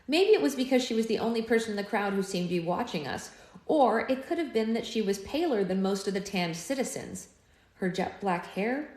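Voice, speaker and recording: A woman hosting a live book club, reading chapters aloud with playful, chatty asides. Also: a little high. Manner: chatty, playful, goes off on tangents. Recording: roomy echo.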